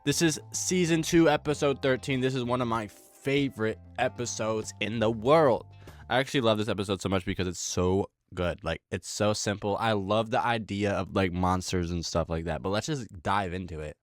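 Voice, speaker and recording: A man's voice: fairly low pitch, moderate pace, faint music behind. A man giving a casual, rambling recap of a TV horror episode, full of slang, swearing and fillers. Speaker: video commentator.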